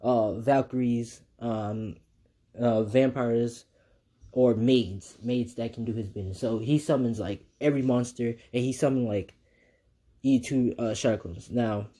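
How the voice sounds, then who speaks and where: A man's voice: mid-range voice, fairly even intonation, a little slow, dark tone. Rambling man retelling a fan story. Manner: rambling, many fillers and restarts.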